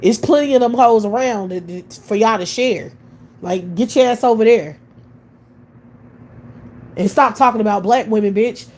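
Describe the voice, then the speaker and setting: A woman from the United States, her voice sitting a little high, rants with open scorn. She swears constantly and fires off rhetorical questions one after another. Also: normal speed, pauses often, a little mellow. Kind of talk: profane ranting monologue.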